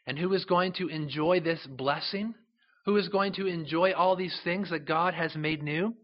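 A man preaching a sermon as a pastor, emphatic and slowing down to stress scripture. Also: on the high side, lo-fi sound.

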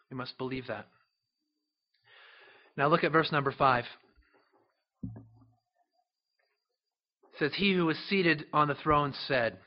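A man preaching a sermon as a pastor, emphatic and slowing down to stress scripture. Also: a little high, highs cut off.

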